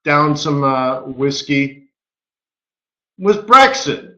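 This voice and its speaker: A man hosting a live trading webinar as market strategist, talking in an animated way and tossing in rhetorical questions. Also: high-pitched, unhurried, pauses often, roomy sound, poor audio. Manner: animated, rhetorical, keeps asking "right?".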